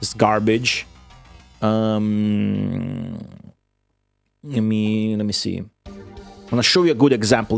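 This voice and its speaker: A man's voice: on the low side, takes it slowly, gravelly, long pauses, soft background music. A man chatting on a livestream, blunt and profane, swearing freely as he rants. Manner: profane, blunt, excitable ranting. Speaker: streamer. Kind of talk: casual livestream chat.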